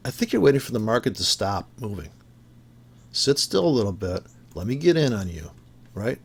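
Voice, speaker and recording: Angry swearing trading ranter, lively pitch. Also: male voice. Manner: angry, sarcastic, swearing, jumps between shouts and mutters. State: just woke up irritated. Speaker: forex trading vlogger. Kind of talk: profane ranting commentary over charts.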